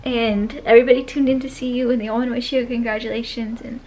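A young woman vlogging at home, talking warmly to her husband and laughing between words. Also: fairly high pitch, little pitch movement, fast talker, faint music behind, poor audio. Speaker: vlogger and military spouse. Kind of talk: casual home vlog talk.

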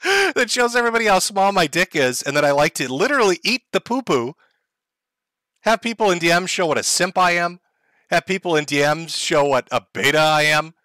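A man putting on a whiny, self-pitying washed-up streamer, bright and lively in pitch, mocking confession, dry close sound. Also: fairly quick, no room sound. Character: self-pitying disgraced male streamer, pathetic.

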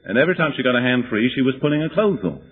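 A man's voice: mid-range voice, very animated, very fast, slightly rough. A man preaching, giving a vivid personal testimony with dry humor. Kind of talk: sermon testimony. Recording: tinny lo-fi tape recording.

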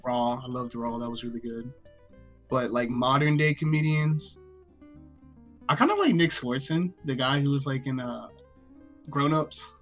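Young man, dating show contestant, laid-back, rambling, slangy, mid pitch, faint music. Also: measured pace, pauses often, a bit bright. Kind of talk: casual chat.

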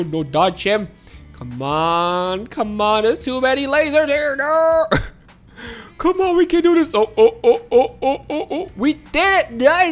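A woman giving excited gameplay commentary to her viewers, exclaiming and laughing often. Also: high voice. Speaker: gaming video host.

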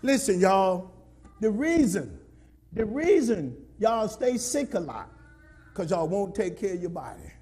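A man preaching a sermon as pastor, scolding and repeating himself to the congregation, sometimes shouting. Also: high voice, sing-song, a little slow.

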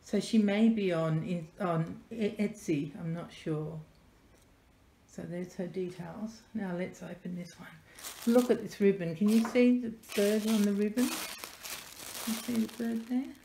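A woman unboxing a parcel on camera as a doll collector vlogger, gushing and softly delighted, often dropping to breathy whispers. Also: medium pitch, measured pace. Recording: echoey room with faint noise.

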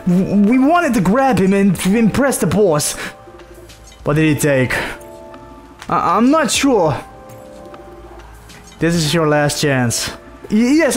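A man's voice: sits high, pitched above the performer's own voice. A man voicing a scared male street thug with an exaggerated New York accent, stammering and begging.

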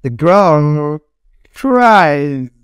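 Young teacher lady drilling words with kids, slightly low voice, bouncy melody. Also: drawn-out words, smooth, studio quality. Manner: animated, repeats words for children to echo, laughs. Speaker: English teacher for children. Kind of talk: classroom drilling lesson.

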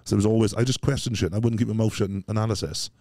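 A man's voice: fairly low pitch, steady tone, very fast, warm tone, no room sound, clean studio sound. A Welsh man telling rambling, self-doubting stories as a guest in a casual interview, swearing bluntly. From Wales. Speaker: podcast guest.

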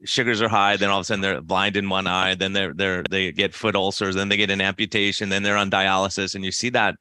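Low-voiced host, middle-aged, crisp and forceful tone, dry close sound. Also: male voice, quick pace, dry recording. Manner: storytelling, animated, many restarts. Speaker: podcast host, doctor. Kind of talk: casual interview chat.

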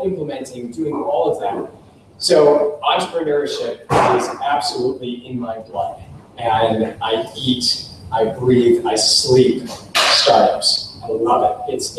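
A man's voice: mid-range voice, a little hiss or hum. An American man giving an informal workshop talk, enthusiastic and effusive, with frequent fillers. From United States. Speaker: workshop speaker. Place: workshop room. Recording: echoey room, voice from far off.

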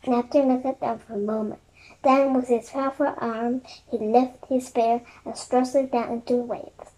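A woman reading a children's chapter book aloud in soft, quiet narration. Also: on the high side, level tone, moderate pace, rough recording. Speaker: storybook reader.

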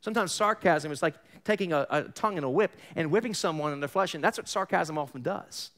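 Animated New pastor preaching. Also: male voice, a little high, quick pace. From Long Island, New York. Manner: animated storytelling, acts out quoted voices, sarcastic asides. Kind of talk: sermon.

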